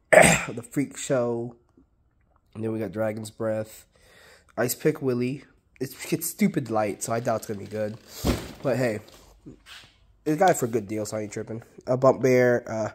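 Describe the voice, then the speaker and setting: A hoarse man talking casually through his fireworks collection, rambling and swearing freely. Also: mid-range voice, darkish tone. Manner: rambling and profane. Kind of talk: casual chat.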